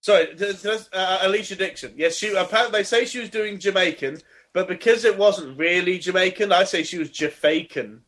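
A man with a fairly high voice co-hosting a casual podcast. He makes wordplay jokes and stumbles through restarts. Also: fairly quick, fairly bright tone. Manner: jokey, punning, stumbles over words. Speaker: podcast co-host. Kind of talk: casual chat.

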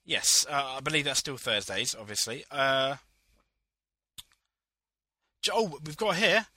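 A man's voice: mid-range voice, big pitch swings, unhurried, pushed and bright, no echo. A young man co-hosting a podcast in casual, rambling chat, laughing often. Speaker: podcast co-host.

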